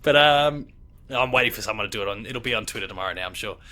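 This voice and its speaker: Australian male host, bright forceful voice, meandering casual chat full of ums. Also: fairly low pitch, racing. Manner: rambling, hesitant with many fillers. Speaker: podcast host.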